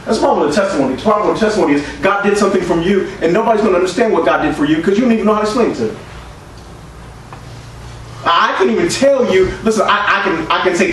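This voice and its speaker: A man preaching a sermon as pastor, calling out to his congregation and swinging between shouts and hushed asides. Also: high-pitched, rapid-fire. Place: church sanctuary. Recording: echoey church room from far off, faint hiss.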